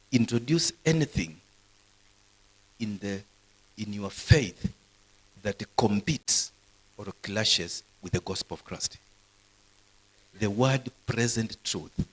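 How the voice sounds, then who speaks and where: A middle-aged man preaching a live sermon at a university, animated, swinging between loud bursts and soft asides. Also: mid-range voice, breathy edge, poor audio. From Kenya. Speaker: pastor. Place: university hall, live service.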